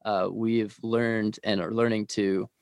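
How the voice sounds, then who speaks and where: Earnest gravelly Midwestern man, quick. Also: lowish voice, level tone, no room sound, studio quality. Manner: quick, earnest, with frequent fillers. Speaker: ministry team leader. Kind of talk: casual conversational storytelling.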